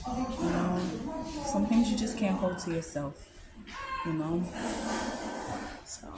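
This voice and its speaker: A woman giving a candid, heartfelt personal message to camera, often halting and trailing off softly. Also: lowish voice, animated, over loud music. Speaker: vlogger sharing a personal message. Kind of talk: emotional personal testimony to camera.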